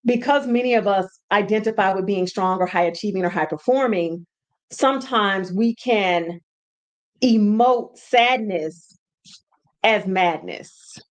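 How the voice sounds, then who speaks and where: A woman hosting a casual teaching talk from home, animated and repeating words for emphasis. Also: mid-range voice, measured pace. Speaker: podcast host and brand coach.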